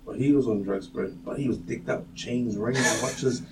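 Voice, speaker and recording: An animated New man telling stories on a casual podcast, swearing freely and acting out quotes. He sits back from the mic, with a faint hum of the room around him. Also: mid-range voice, moderate pace, distant mic. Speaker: podcast co-host. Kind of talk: casual chat, storytelling.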